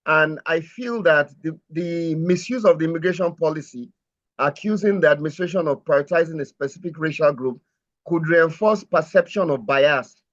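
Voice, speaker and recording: A man speaking in a political discussion, hesitant and measured, with many fillers and restarts. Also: fairly high pitch. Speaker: panel guest. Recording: muffled lo-fi sound.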